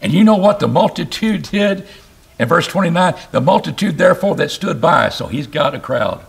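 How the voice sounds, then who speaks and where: A man preaching an expository sermon, reading scripture aloud and explaining it, with emphatic rises and sudden low drops. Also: normal speed, creaky. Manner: animated, rising to emphatic bursts and dropping low.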